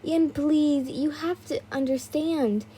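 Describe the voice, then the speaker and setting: A woman's voice: sits high, steady tone, slow pace, dark tone, pitched above the performer's own voice. A woman voicing an earnest, anxious teenage boy who pleads and soothes, while reading a fan story. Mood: pleading.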